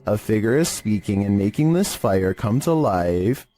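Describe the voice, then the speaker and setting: A man in a monotone, measured delivery, giving scripted narration as a horror countdown narrator. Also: lowish voice, faint music behind.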